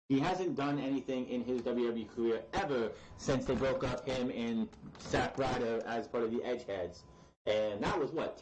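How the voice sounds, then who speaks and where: A man's voice: mid-range voice, darkish tone, low-quality recording. A man reviewing a wrestling show in casual podcast commentary, blunt and exasperated.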